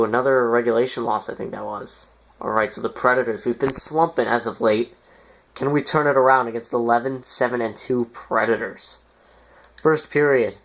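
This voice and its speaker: A man's voice: medium pitch, vocal fry, a bit bright. A man giving casual, rambling commentary over a hockey management game, with lots of fillers and sudden exasperated outbursts. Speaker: gaming YouTuber.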